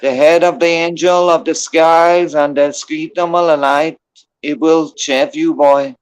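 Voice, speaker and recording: Guy doing a menacing irish gangster, sweary threats, pitched up and pushy. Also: steady tone, slow, clean tone, low-quality recording.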